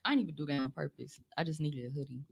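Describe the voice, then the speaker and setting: Fast-talking, low-voiced blunt woman. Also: steady tone, vocal fry, dull audio. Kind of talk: casual group chat.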